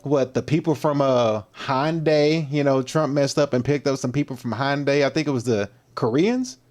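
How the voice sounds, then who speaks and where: A man's voice: medium pitch, moderate pace, darkish tone. A man hosting a fitness livestream, chatting casually in slang and greeting viewers by name.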